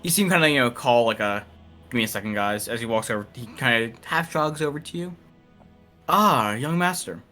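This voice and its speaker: A man with a bright, forward voice narrates as game master in a tabletop game. His telling is casual and loose, full of "like" and "you know.". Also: medium pitch, lively intonation, quick pace, soft background music.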